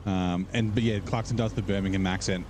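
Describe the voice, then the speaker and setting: Deep-voiced man chatting while gaming. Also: steady tone, fairly quick, darkish tone, a little hiss or hum. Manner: rambling, easygoing, thinking aloud. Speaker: game streamer. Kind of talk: casual live-stream chat while playing. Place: room at home.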